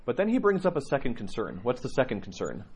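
A man teaching and telling stories in a lively way, acting out the people's lines as he speaks. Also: medium pitch, quick pace. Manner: animated storytelling, acts out dialogue.

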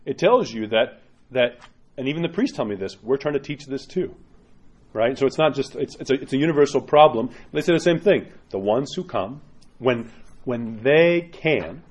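A man's voice: medium pitch, a little mellow, husky. A man giving an informal homily as an Orthodox priest, speaking directly and often ending points with a tag question. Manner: conversational and direct, many tag questions, acts out quoted parishioners.

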